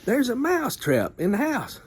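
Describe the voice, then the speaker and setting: A man's voice: very high voice, wildly swooping pitch, unhurried, husky, pitched above the performer's own voice, full character voice. A man voicing a small, frightened male farm mouse who pleads anxiously with the other animals. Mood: pleading.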